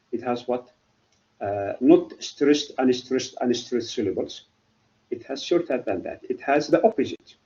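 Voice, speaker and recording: A middle-aged man giving a university literature lecture, halting and often asking then answering his own questions. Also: medium pitch, warm tone, dull audio. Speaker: literature professor.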